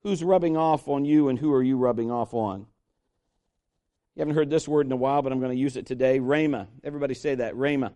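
A man's voice: medium pitch, fast talker, warm tone. A man preaching a sermon, emphatic, calling on the congregation to respond. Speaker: pastor.

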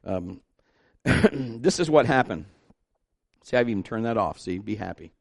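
A middle-aged man preaching a sermon, telling a story and acting out the people in it, swinging between loud and hushed. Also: lowish voice, measured pace, gravelly, no echo, clean studio sound. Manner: animated, acts out dialogue, shifts between loud and hushed.

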